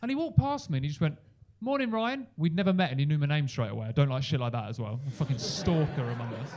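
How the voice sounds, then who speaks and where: A young man doing a stand-up comedy set on a club stage into a handheld mic, animated and jumping into loud high-pitched voices for the people in his stories. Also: rapid-fire, noisy background.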